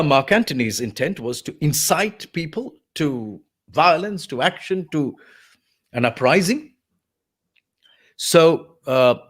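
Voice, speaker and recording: A man's voice: medium pitch, slightly rough. A man, a voice artist, explaining voice technique in an interview and acting out example lines like a teacher. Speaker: voice artist guest.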